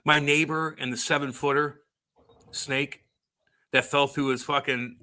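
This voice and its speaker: A man's voice: medium pitch, fairly even intonation, a little slow, bright, forceful tone. A man co-hosting a podcast, telling stories in a blunt, profane, casual way. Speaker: podcast co-host. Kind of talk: casual chat.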